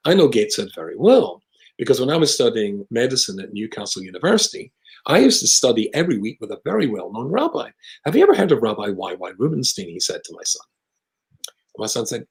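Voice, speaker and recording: A man with a British accent, a rabbi telling a long personal story in conversation, with lively asides. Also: on the low side, fast talker, rough recording. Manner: animated anecdotal storyteller with asides.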